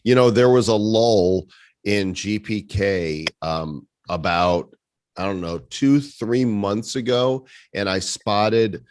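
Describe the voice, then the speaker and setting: A man's voice: lowish voice, slow, no room sound. A man hosting a casual community meeting over a video call, teasing his co-hosts with sarcastic jokes. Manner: joking, teasing, sarcastic banter. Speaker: host.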